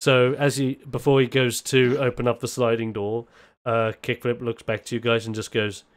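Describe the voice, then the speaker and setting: A man's voice: mid-range voice, flat delivery, moderate pace. A man narrating as game master of a tabletop game, rambling with many fillers.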